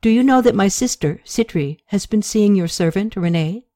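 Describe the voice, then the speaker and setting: A woman's voice: medium pitch, lively intonation, moderate pace, dark tone, dry recording, studio quality, pitched above the performer's own voice, lightly acted. A woman reading the part of a young prince and commander, speaking in a hesitant, earnest way in an audiobook. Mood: uneasy.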